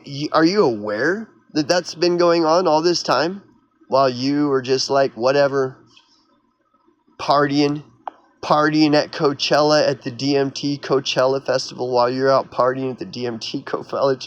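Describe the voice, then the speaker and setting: A man from Oklahoma rants straight to his viewers in a vlog, his tone sarcastic and mocking. He sounds heated and exasperated, and his speaking voice sits at a middling pitch. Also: steady tone, moderate pace, lo-fi sound. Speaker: YouTuber. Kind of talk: ranting vlog monologue.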